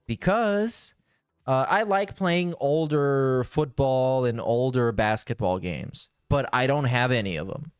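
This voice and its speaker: A man's voice: mid-range voice, lively intonation, takes it slowly, smooth, no room sound, studio quality. A man hosting a podcast, giving blunt, sarcastic casual commentary on a clip. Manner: blunt, sarcastic, restarts often. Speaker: podcast host.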